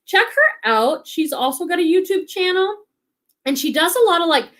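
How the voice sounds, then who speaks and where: A chatty woman in her thirties hosts a live stream and reads viewers' comments aloud. Her voice sits high, and she talks in a bubbly, rambling way, full of fillers and quick laughs. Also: very animated, a bit bright. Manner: chatty, bubbly, many likes and ums, laughs often. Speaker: live stream host, online reseller. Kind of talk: casual live stream chat reading comments.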